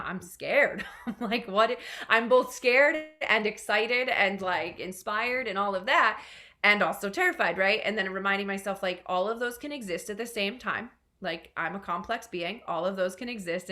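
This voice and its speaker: A woman's voice: mid-range voice, pushed and bright. A woman leadership coach answering a question in a Q&A, chatty and full of "right?" and "like". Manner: chatty, many fillers like "right?" and "like".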